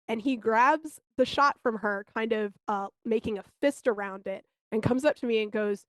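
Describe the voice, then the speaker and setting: A woman co-hosting a podcast, telling candid, animated stories in casual chat and swearing now and then. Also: fairly high pitch, moderate pace, no echo. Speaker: podcast co-host.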